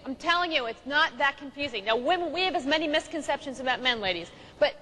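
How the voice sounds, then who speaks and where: A woman's voice: high-pitched, animated, fast talker, few pauses, pushed and bright, big-room sound, a little hiss or hum. A woman giving an emphatic, storytelling seminar talk on relationships. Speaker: relationship speaker.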